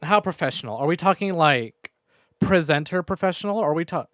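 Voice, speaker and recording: A man's voice: on the high side, expressive, fairly quick, fairly bright tone, no echo, studio quality. A man streaming a game from home on a new microphone, rambling, swearing and mocking himself while recapping the story. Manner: profane, rambling and self-mocking. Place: home room. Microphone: new desk microphone.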